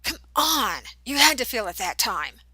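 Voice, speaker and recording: A woman playing a loud, crude teenage boy, all taunts and swagger, in a storybook reading. His voice sits fairly high and bright, and the recording is dry and close. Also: very animated, unhurried, slightly rough, no room sound, heavily acted. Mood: agitated. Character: brash mocking teenage boy.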